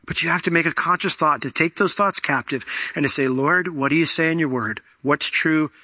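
A man preaching a sermon, explaining scripture and acting out the quoted lines with sudden jumps in pitch. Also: fairly quick, dry recording. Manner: animated, acts out quoted voices with big pitch jumps. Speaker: pastor.

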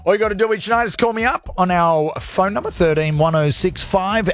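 A man in his forties with an Australian accent, hosting a live radio show with loud, playful banter. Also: sits high, a little fast, faint music behind. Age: 40s.

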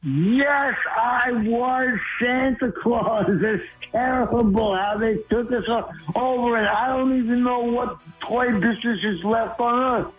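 A man with a very high voice speaks slowly and earnestly over a dull, lo-fi phone line, worked up and laughing easily. Faint music sits behind the call. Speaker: regular radio show caller. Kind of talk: casual call-in chat.

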